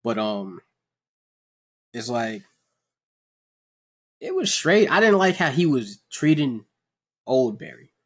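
A young man casually chatting on a podcast, animated and profane, acting out characters between laughs. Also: mid-range voice, takes it slowly, long pauses. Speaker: podcast host.

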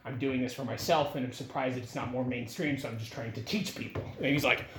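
A man in his twenties talking rambly and excitedly with his father, swearing a lot and saying "like" often. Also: medium pitch, fast talker. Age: 20s. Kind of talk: casual heart-to-heart conversation. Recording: roomy echo with faint noise.

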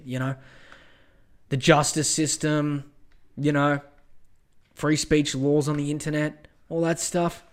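Male podcast host, slightly high voice, rambling, swearing, exasperated rant. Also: moderate pace. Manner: profane, exasperated, rambling with many fillers. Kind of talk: casual rant.

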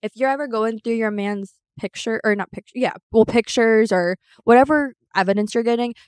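A woman's voice: fairly high pitch, a little fast, clear, resonant tone, no room sound. A young woman co-hosting a podcast, telling a story bluntly with lots of swearing and fillers. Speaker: podcast co-host. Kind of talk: casual podcast chat.

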